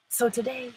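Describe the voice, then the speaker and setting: A woman with a higher-pitched voice hosts an inspirational morning livestream, heard on a low-quality recording. Playful and emphatic, she laughs often and responds to viewers in the chat.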